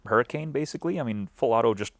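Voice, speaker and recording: A man's voice: medium pitch, expressive, rapid-fire, dry recording. A man recapping a weekend game event in a loose, rambling way, full of fillers and restarts, acting out bits of dialogue.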